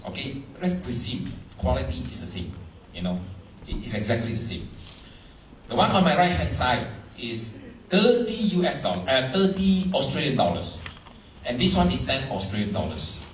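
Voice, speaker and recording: A man giving a seminar talk to a live audience, animated, quizzing the crowd, in broken English phrasing. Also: medium pitch, normal speed, roomy sound, far from the mic, slight background noise, low-quality recording. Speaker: motivational speaker at a business seminar.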